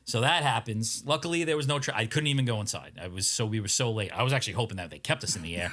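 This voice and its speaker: Long island guy rambling thru a story on a podcast, swears a lot, bright forward voice. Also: fairly low pitch, rapid-fire. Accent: New York, Long Island. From Long Island, New York. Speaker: podcast co-host. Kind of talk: casual chat.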